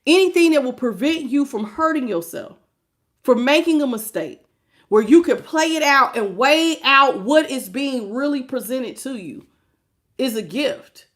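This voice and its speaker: A woman giving a live-streamed tarot reading and greeting her viewers, emphatic and preachy, swinging between low murmurs and loud outbursts. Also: lively intonation, unhurried. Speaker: tarot reader.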